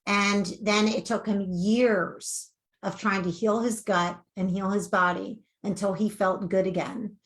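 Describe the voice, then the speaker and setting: A woman coach giving earnest, animated advice in a conversational interview. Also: medium pitch, unhurried. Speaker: weight-loss coach.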